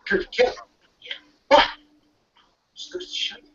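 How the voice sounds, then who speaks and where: A young adult recapping an anime episode in a casual, excitable chat. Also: mid-range voice, normal speed, gravelly, pauses often, recorded from a distance. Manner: animated, excitable storytelling. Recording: muffled audio from off-mic.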